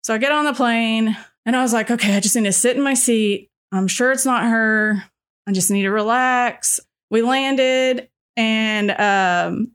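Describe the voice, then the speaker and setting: Middle-aged woman telling a personal story. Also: mid-range voice. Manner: recounting events with quoted dialogue and frequent "you know" fillers. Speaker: radio listener guest.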